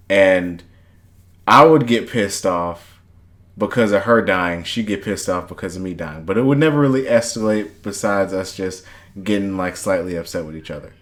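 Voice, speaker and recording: A man hosting a reaction video, talking casually with slang about his own sister. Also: fairly low pitch. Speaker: reaction channel host. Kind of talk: casual chat.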